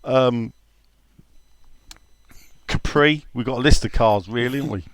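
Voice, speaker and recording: A man's voice: mid-range voice, measured pace, no room sound. A man co-hosting a casual football podcast, reading listener questions and drifting into laughing anecdotes. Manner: rambling, laughing storyteller.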